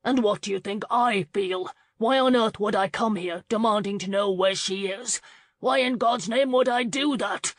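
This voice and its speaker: A woman's voice: mid-range voice, steady tone, unhurried, dry recording, clean studio sound, natural voice. A woman voicing an intense, desperate duke who pleads and roars. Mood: furious. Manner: intense, pleading then roaring. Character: brooding duke, man, desperate and commanding.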